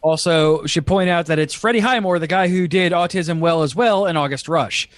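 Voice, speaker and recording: A man's voice: a little high, moderate pace, no room sound. A man co-hosting a podcast, chatting casually and jokingly with loose fillers. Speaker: podcast co-host. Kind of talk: casual chat.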